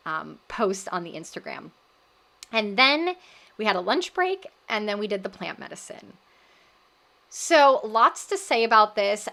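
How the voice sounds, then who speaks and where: Animated female wellness host with a crisp, bright tone and a middle-range pitch who recounts a story casually. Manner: animated, acts out quoted voices.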